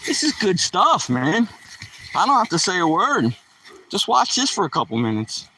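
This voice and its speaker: A man's voice: sits high, huge pitch swings, normal speed, recorded from a distance, noisy background. A man streaming casually, joking around and talking to his dog while out on a walk.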